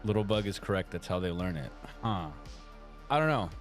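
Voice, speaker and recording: A fairly low-voiced man chats loosely on a live stream, reading viewer comments out and breaking into laughter often. Faint music plays behind him. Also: animated, fairly quick. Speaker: co-host reading chat on a live art stream. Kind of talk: casual stream chat.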